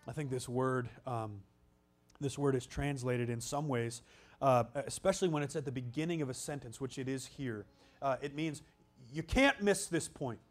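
A man preaching a sermon, emphatic, swinging from loud exclamations down to hushed, almost whispered lines. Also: medium pitch, normal speed.

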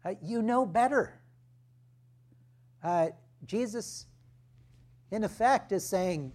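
Slow, deliberate preacher man. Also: high voice, lively intonation, darkish tone. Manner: deliberate, emphatic teaching with rhetorical questions. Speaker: pastor. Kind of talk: sermon.

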